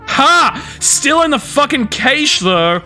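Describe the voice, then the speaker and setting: A man's voice: very high voice, sing-song, slow pace, pushed and bright, soft background music. A man streaming and reacting to clips in casual talk, sarcastic and sweary.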